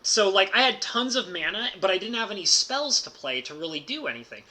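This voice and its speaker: A man with a strikingly bright, forward voice tells a casual story as a streamer. He talks excitably and leans heavily on "like" fillers, laughing as he goes. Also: high voice, a little fast. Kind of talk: casual storytelling about a card game.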